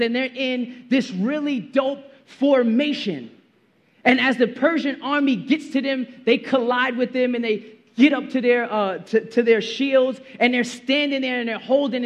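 A young man preaching a sermon in a casual, slangy way, now and then acting out a movie scene. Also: extremely high pitch. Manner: casual slang, animated, acts out movie quotes. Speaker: pastor.

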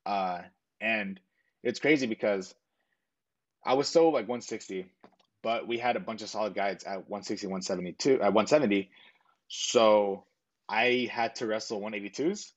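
A young interviewee tells a personal story in a casual, earnest way, rambling with lots of fillers and quoting the back-and-forth of the exchange. His voice is lowish and moderately paced, with a lo-fi sound.

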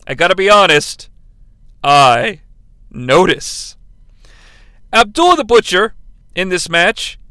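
A man's voice: sits high, pushed and bright, smooth, no room sound. A man hosting a comedic wrestling review, calling the action with sarcastic, profane asides. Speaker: host reviewing wrestling matches. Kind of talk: comedic play-by-play commentary.

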